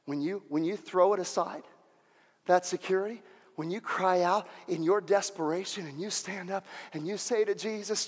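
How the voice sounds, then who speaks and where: Male pastor, high voice, fervent repetitive sermon delivery, recorded with long church-hall reverb. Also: moderate pace. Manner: fervent, repeats phrases for emphasis. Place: church sanctuary.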